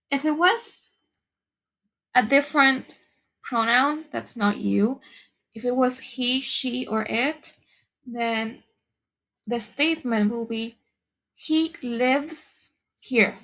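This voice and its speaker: Slow, patient high-voiced woman teacher. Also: a bit bright. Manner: patient, deliberate, repeats key points. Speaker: English teacher. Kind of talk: slow, careful lesson explanation.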